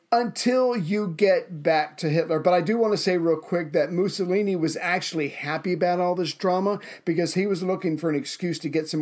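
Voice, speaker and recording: Animated, swearing podcast co-host man. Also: a little high. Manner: animated, profane, enthusiastic. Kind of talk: casual history storytelling.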